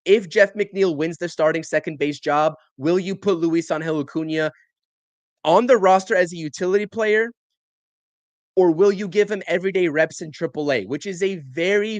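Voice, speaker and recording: A man co-hosting a sports talk show, with a voice pitched a little high. He runs through roster picks in an emphatic, quick rundown, a bit out of breath. The sound is close and dry. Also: dry recording. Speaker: podcast co-host.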